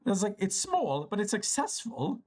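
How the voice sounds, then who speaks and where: A woman's voice: mid-range voice, big pitch swings, normal speed, a little mellow. A woman hosting a livestream, chatting casually in a blunt, teasing way with frequent swearing. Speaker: livestream host. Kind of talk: casual chat.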